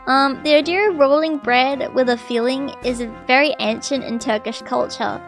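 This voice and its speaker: A woman streamer reading an article aloud, breaking off to chat and react with loud, excitable outbursts. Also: high voice, normal speed, soft background music. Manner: excitable, bursts into loud apologies and exclamations.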